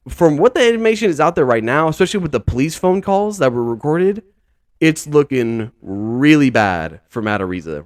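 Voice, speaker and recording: A man's voice: medium pitch, no room sound, clean studio sound. A young man hosting a casual podcast, talking loosely with lots of fillers, calling listeners dude and bro. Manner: loose and slangy, heavy use of filler words and 'dude', 'bro'. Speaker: podcast host.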